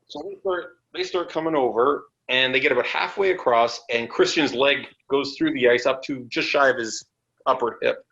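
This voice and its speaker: A man spinning a wild road story on a podcast, voicing everyone in it and dropping swear words along the way. His voice is bright and forward. The audio is a bit dull and lo-fi. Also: mid-range voice, moderate pace. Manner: animated, acts out voices in his stories; swears freely. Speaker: wrestler guest. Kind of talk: casual storytelling.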